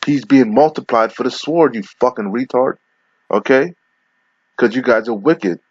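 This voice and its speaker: A man preaching from scripture in a confrontational, profane way. He reads verses slowly, then breaks them down and keeps asking "okay?". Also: medium pitch, muffled recording. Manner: slows down to read verses aloud. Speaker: street preacher. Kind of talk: scripture reading with commentary.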